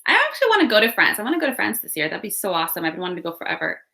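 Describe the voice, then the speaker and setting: A woman's voice: fairly low pitch, animated, rapid-fire, creaky, pushed and bright. Bubbly woman hosting a webinar. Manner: chatty, upbeat, greets viewers by place. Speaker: workshop host. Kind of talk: live webinar chat. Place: home room with window.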